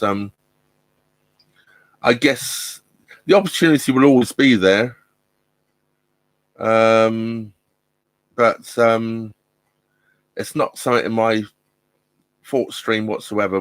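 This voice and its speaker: A man's voice: fairly low pitch, steady tone, a little slow, pauses often, dry recording. Rambling man on a live stream. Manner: rambling and hesitant, many ums and restarts. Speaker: vlogger hosting a live stream. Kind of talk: casual live-stream chat. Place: inside a narrowboat cabin. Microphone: laptop mic.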